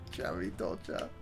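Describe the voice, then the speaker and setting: A man putting on a cheeky young princess voice with exaggerated British slang. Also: close to an everyday voice.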